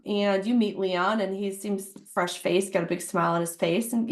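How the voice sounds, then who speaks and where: A woman's voice: mid-range voice, normal speed, roomy sound. A woman giving a casual business workshop talk, chatty, with many fillers and acted-out quotes. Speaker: HR workshop presenter. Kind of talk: casual webinar presentation.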